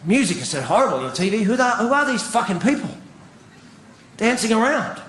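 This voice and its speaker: A man's voice: high voice, sing-song, fairly quick, a bit bright. A man doing a profane, ranting stand-up comedy routine on stage before a live audience. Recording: echoey live venue with noise.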